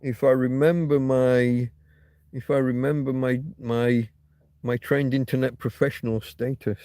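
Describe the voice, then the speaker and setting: A man hosting a loose, rambling livestream and chatting to his viewers. He rants and swears freely and trips over restarts and repeated words. His voice is dark and mellow, recorded close in a dry, dead-sounding room. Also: mid-range voice, little pitch movement, unhurried, dry recording. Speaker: livestream host. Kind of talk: casual rambling livestream chat, reading viewer comments.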